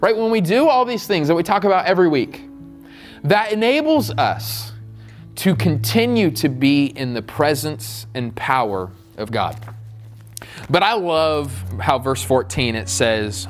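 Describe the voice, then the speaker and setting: A male pastor giving a sermon, chatty and joking at first, then building into fervent, repeated calls. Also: on the high side.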